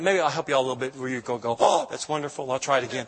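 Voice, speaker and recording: Speaking fast and with few pauses, a middle-aged guest preacher in a reverberant hall tells an emotional story of his testimony. His voice is medium-pitched, and he restarts his sentences frequently.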